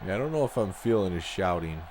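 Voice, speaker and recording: A man with a Chicago accent talks his way through a football video game in a low voice, chatty and easygoing. He reacts to the plays and answers viewers as he goes, with a faint hiss under the voice. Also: lively intonation, fast talker, darkish tone, a faint crowd. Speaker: gaming channel host. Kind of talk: casual commentary while playing a football video game.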